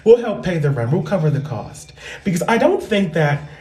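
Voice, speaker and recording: A woman comedian talking loudly and animatedly in a casual, profane monologue into a microphone. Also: lowish voice, big pitch swings, normal speed. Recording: roomy echo with faint music.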